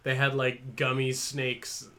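A man's voice: mid-range voice, completely flat delivery, takes it slowly, bright, forceful tone. A man co-hosting a podcast in casual chat, joking around and asking his co-host questions. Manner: jokey, laughs easily, asks questions.

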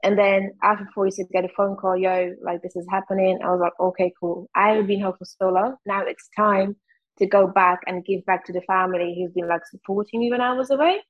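A woman's voice: mid-range voice, fairly even intonation, narrow, tinny audio. Woman with a Czech accent, candid. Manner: candid, fast, heavy use of "like". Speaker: guest. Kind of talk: casual interview chat.

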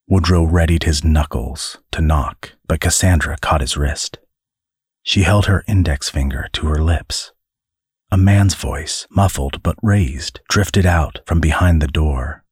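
Deep husky storyteller man. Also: unhurried, no echo, clean studio sound. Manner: expressive, dramatic reading. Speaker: podcast host and narrator. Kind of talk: scripted storytelling narration.

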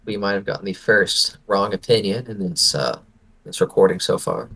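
Young man, low voice, gravelly, enthusiastic teasing podcast chat. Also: normal speed, a bit bright. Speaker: podcast co-host. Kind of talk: casual chat.

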